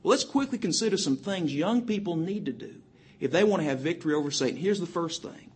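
The preacher's voice is a little high, animated, and slightly rough as he addresses young people in a sermon. Scripture is quoted in King James wording, and he cites chapter and verse quickly and forcefully.

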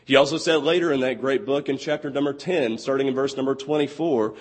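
Young male preacher with a hoarse, lost voice; earnest, slow on scripture, in a reverberant hall. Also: medium pitch. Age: 20s. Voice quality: husky. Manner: earnest, quotes scripture slowly and deliberately. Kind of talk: sermon.

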